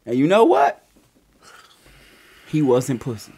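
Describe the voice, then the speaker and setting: A man casually telling a story on a podcast, profane and animated, with loud bursts as he acts it out. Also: mid-range voice, slow, slightly rough.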